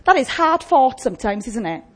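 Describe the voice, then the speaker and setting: A woman's voice: on the high side, big pitch swings, moderate pace. A woman preaching a sermon in a conversational way, often asking the congregation questions.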